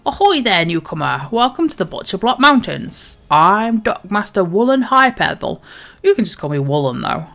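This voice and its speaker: A woman streamer reading a busy male dwarf dockmaster's game dialogue in a hearty, brisk voice. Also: mid-range voice, sing-song, vocal fry, fairly bright tone, pitched above the performer's own voice.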